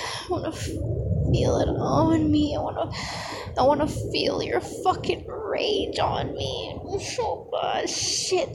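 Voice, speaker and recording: A young adult woman in a whispered role-play, speaking in a breathy, excited, profane whisper close to the mic. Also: sits high, very noisy.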